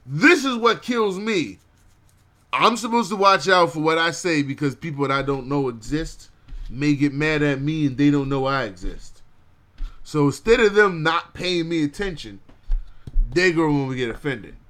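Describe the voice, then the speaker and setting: A man hosts his own podcast in a loose, profane monologue. His voice sits a little high for a man. He rants bluntly at his chat and laughs at his own jokes. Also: expressive, moderate pace, a bit bright. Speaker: podcast host.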